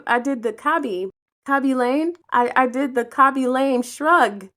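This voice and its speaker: A woman from Pennsylvania hosting a podcast, telling personal stories in a casual, animated way, swearing freely and acting out the people involved. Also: high-pitched, normal speed. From Pennsylvania, USA. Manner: animated, profane, acts out the people in her stories. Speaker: podcast host. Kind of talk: casual storytelling monologue.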